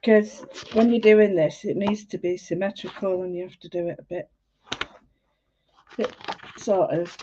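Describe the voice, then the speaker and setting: A woman's voice: mid-range voice, steady tone, measured pace, pauses often, dark tone, muffled recording, a little hiss or hum. A woman, hosting a casual livestream art lesson, chatty and full of greetings, often interrupting herself. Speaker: art class host.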